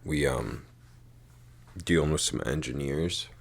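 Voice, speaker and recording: His voice is a slow, creaky, rumbling low one. As co-host of a podcast, he rambles through a story in casual conversation, with casual swearing and lots of "dude" and "like."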